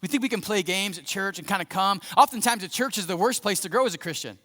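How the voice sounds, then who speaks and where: A man preaching a sermon as a pastor, conversational and animated, acting out scenes as he goes. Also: high voice, fast talker. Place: church sanctuary. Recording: echoey church hall.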